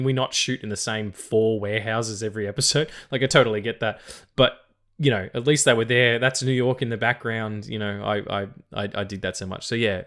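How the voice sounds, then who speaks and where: Chatty, swearing Australian podcast host. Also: male voice, mid-range voice, fairly bright tone. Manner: rambling, swears freely, laughs often. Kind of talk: casual chat.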